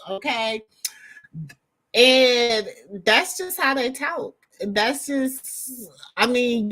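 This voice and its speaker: Chatting casually with her audience, a middle-aged woman with a Southern drawl responds to comments in loose, slang-filled rambles. Her voice is fairly high and a bit bright.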